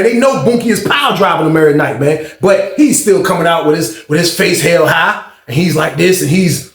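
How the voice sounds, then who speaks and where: A man casually telling a prison story, acting out the people in it with raised, excited voices. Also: sits high, reverberant. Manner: animated, acts out quotes in raised voices.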